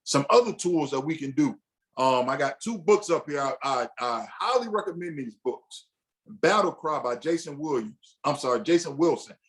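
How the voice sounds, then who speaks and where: Leading a casual teaching session for a men's group, a man with a slightly high, expressive voice speaks at a moderate pace. He talks loosely and conversationally, restarting often and acting out what a husband might tell himself.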